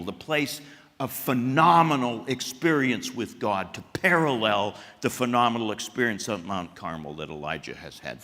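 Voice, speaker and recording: Animated preacher guy, bright tense voice, lots of pitch swings, echoey chapel hall. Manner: animated, acts out God's voice with sudden jumps in pitch and loudness; asks the audience questions, with stammered restarts. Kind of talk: sermon.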